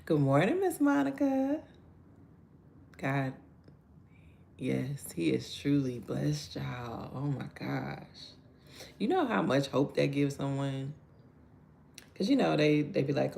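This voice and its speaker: Lady greeting her live viewers one by one, low gravelly voice, chatty. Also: animated, slow, long pauses, warm tone, slight background noise. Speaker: devotional livestream host. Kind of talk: casual live-stream chat.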